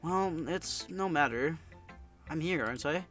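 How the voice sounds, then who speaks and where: A man putting on a shy, polite teenage schoolgirl from a visual novel game, a bit higher than his own voice. She speaks slowly and hesitantly in a bright tone, and her nose sounds stuffy. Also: soft background music. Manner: hesitant, soft-spoken, slow.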